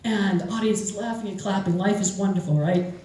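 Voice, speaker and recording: A woman telling a story live at a storytelling event, animated and often laughing as she talks. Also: medium pitch, quick pace, a little hiss or hum. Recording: very echoey room.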